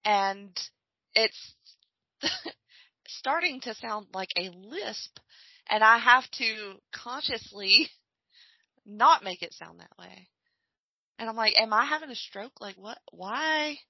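A woman co-hosting a podcast, musing in casual chat while watching a film, often trailing off softly. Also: on the high side, expressive, slow, long pauses, breathy edge, no echo, highs cut off. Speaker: podcast co-host. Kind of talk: casual chat during a movie watch-along.

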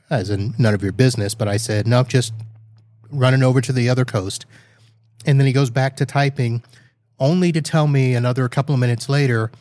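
A man's voice: mid-range voice, darkish tone, no room sound. A man hosting a podcast, telling a rambling, mildly exasperated anecdote in a casual monologue, with quoted asides. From Florida. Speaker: podcast host.

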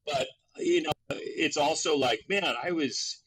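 A middle-aged man from Berkeley, an actor and guest, telling stories in a casual interview, rambling with fillers and leaping in pitch when he acts out voices. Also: measured pace, slight background noise, poor audio. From Berkeley, California. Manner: animated, acts out quoted voices with big pitch jumps; rambling with many fillers and restarts.

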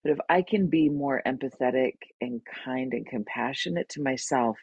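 Husky, animated woman storyteller. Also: very deep voice, dry recording, lo-fi sound. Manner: animated storyteller, slows to a gentle soothing voice. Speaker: podcast co-host. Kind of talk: casual chat.

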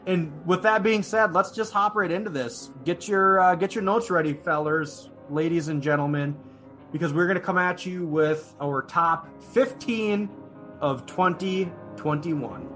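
Casting note: male horror podcast host, slightly high voice, rambling, casual. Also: measured pace, fairly bright tone, soft background music. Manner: rambling, repeats words, swears.

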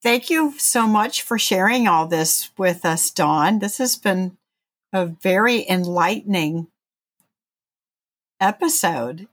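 A woman with a Texan accent hosts a podcast and thanks her guest. She speaks very slowly and gently, in a mid-range voice. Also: mid-range voice, expressive. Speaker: podcast host. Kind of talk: closing an interview.

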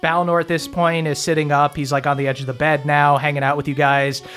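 A man's voice: on the high side, level tone, fairly quick, fairly bright tone, soft background music. A man narrating a tabletop game as game master, loose and full of fillers. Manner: loose, filler-heavy narration with frequent laughs.

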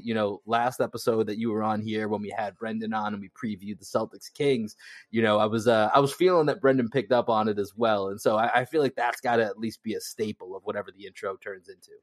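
A man hosting a sports podcast in casual, slangy, energetic chat, laughing often. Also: medium pitch, a little fast, no room sound, clean studio sound. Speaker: podcast host.

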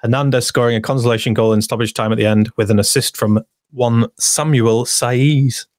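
A man's voice: mid-range voice, steady tone, normal speed, no room sound. Chatty man, dry close sound. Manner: chatty, reads listener messages aloud. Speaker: podcast co-host. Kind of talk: casual football chat.

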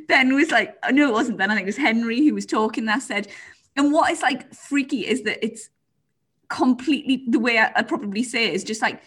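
A woman's voice: on the high side, normal speed, pauses often, fairly bright tone, breathy edge. A woman hosting a casual chat, chatty and laughing often, with lots of "like" and some swearing. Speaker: podcast host.

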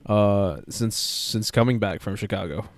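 A man's voice: fairly low pitch, measured pace, dry recording. A man co-hosting a casual podcast who sounds tired, rambling and restarting his sentences. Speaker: podcast co-host.

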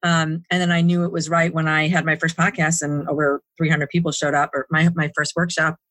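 A woman's voice: low-pitched, flat delivery, brisk, fairly bright tone, no room sound. A woman guest in an interview, telling her story in a rambling way with many restarts and fillers. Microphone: home setup, dry sound.

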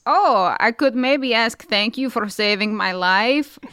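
A woman's voice: on the high side, slow pace, a bit bright, clean tone, no echo, clean studio sound. A young woman playing a witch in a tabletop game, speaking in character with earnest theatrical flair. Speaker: player. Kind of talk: in-character role-play.

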